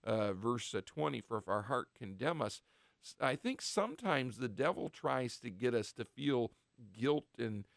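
Male radio Bible teacher, gravelly tone, dry close mic, earnest and halting. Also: medium pitch, sing-song, no echo. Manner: earnest, halting, with many restarts and fillers; acts out short quoted voices of the devil and apostles.

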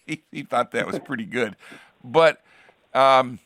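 An older Ohio pastor hosts a casual chat, telling rambling stories full of restarts and chuckles. His mid-range voice is slow and a bit bright, with no echo.

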